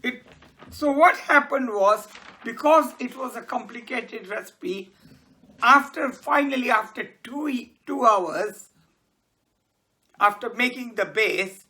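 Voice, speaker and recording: A teacher telling a moral story to children, pausing to explain words as they go. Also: medium pitch. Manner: explains words, slow and animated.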